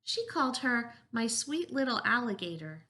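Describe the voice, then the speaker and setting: A woman puts on an eager young female frog from a picture book. She chatters brightly, pitched above her reading voice, with a faint gravelly edge and an excited lilt. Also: moderate pace, heavily acted.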